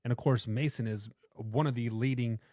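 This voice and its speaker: A man's voice: mid-range voice, fairly even intonation, normal speed, warm tone, no room sound, studio quality. A man with a Boston accent hosting a casual sports talk show, joking and stumbling over words as he sets up each game. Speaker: show host.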